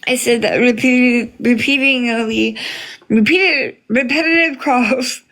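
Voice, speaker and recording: A woman in a casual livestream chat, talking to her viewers at an unhurried, drawn-out pace. Her voice sits a little high and has a gravelly edge. She greets people by name and fills her pauses with ums. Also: fairly bright tone. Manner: chatty, greets viewers by name, many fillers. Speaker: livestream host reading chat.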